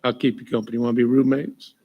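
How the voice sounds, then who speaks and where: A man preaching a sermon as pastor, joking with the crowd and checking in with "right?", then reading scripture aloud slowly and with emphasis. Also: mid-range voice, steady tone, husky, lo-fi sound. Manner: jokey, keeps asking the crowd "right?". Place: church.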